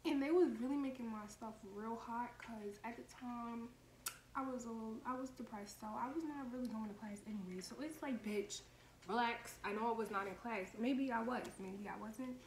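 Brief: woman in her twenties, fairly high voice, blunt profane storyteller, echoey room with faint noise. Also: moderate pace. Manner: animated, profane, heated storytelling. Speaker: vlogger telling a story. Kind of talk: casual storytime vlog.

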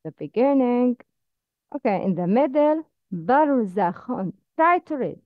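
Slow, careful woman teacher. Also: a little high, very animated, no echo, phone-quality sound. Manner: slow, careful drilling with repeated prompts. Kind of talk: Arabic letter pronunciation lesson.

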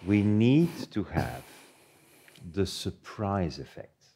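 Low, husky-voiced man on a panel. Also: sing-song, slow, warm tone. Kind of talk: conversational panel discussion.

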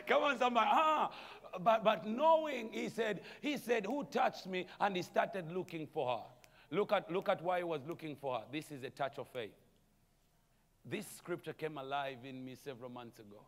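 High bright-voiced preacher in a reverberant church. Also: male voice, moderate pace, pauses often. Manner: animated preaching with calls to the crowd and chuckles. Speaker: pastor. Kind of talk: sermon. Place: church sanctuary.

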